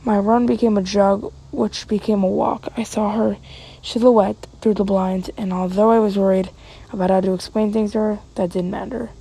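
A woman's voice: mid-range voice, steady tone, normal speed, vocal fry, mellow, slightly rough, rough recording. A woman narrating a story aloud, reading dramatically, now and then dropping into a whisper and tripping over words.

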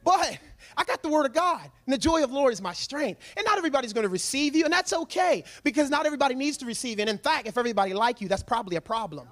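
A man giving a short, energetic sermon in church, excitable and quick to laugh. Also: extremely high pitch. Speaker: lay speaker giving a short church talk. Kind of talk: energetic testimony-style sermon.

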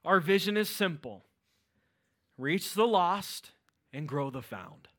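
Pittsburgh-accented male preacher, high and bright, full of energy from the pulpit. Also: slow. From Western Pennsylvania. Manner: energetic preaching with shouted exclamations. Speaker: pastor. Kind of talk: sermon.

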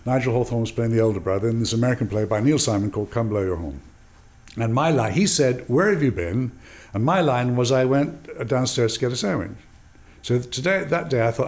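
A man's voice: medium pitch, fairly quick. An older man, an actor and drama teacher, telling anecdotes in an interview, acting out dialogue and laughing often. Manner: animated, acts out dialogue in voices, laughs often. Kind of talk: storytelling interview.

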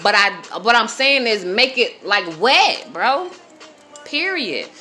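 A woman's voice: medium pitch, lively intonation, slow, bright, forceful tone, soft background music. A woman around forty talking unscripted on a live stream, giving blunt, profane advice straight to her viewers. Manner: blunt, profane, preachy, addresses viewers directly.

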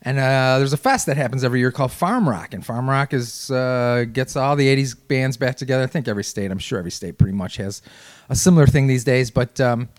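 Chicago-area guy rambling thru a rock story, talks quick, swears. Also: mid-range voice. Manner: fast, profane, rambling. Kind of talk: casual storytelling chat.

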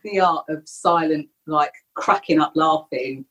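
Woman, low voice, husky tone, candid reflective storytelling, interview guest. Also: unhurried, low-quality recording. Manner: candid, reflective, animated when retelling. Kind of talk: personal storytelling in a podcast interview.

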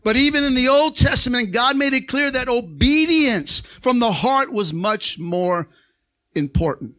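A man preaching a Pentecostal sermon in a church. He calls for amens and rises to excited shouts. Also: very high voice, unhurried. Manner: call-and-response preaching, asks for amens. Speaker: pastor. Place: church sanctuary.

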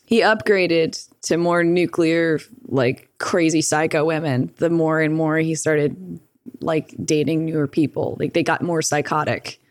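A woman's voice: low voice, fairly even intonation, unhurried, no echo, studio quality. A woman telling a story in a casual, rambling way, swearing freely and acting out the voices she quotes. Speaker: guest.

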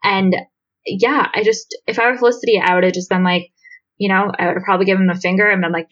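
A woman's voice: medium pitch, fairly even intonation, fast, fairly bright tone, dull audio. A woman co-hosting a casual podcast, blunt and exasperated, who swears freely while reacting to a TV episode. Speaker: podcast co-host. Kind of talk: casual chat.

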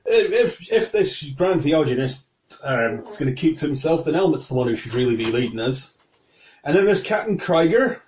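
A man's voice: a little high, sing-song, moderate pace, darkish tone, a little hiss or hum, poor audio. A man playing a talkative middle-aged male camp follower who rambles on with many hesitations, in a tabletop game. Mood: informative.

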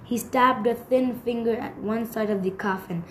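A woman's voice: a little high, moderate pace, few pauses, a little hiss or hum. A woman narrating a children's storybook, reading steadily with small stumbles over hard words. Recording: echoey room.

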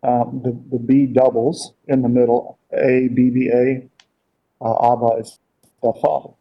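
A man teaching a casual Bible class, talking in a halting way with many fillers and repeated words, on a dull lo-fi recording. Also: medium pitch, level tone, husky.

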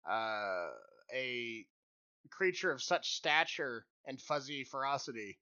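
A man co-hosting a podcast who takes his time, drifting through hesitant ums in a bright voice that rises and falls widely. The audio is slightly dull and lo-fi. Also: medium pitch, lively intonation, clear, resonant tone, dry recording. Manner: unhurried, playful, hesitant with many ums. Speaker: podcast co-host. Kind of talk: casual chat.

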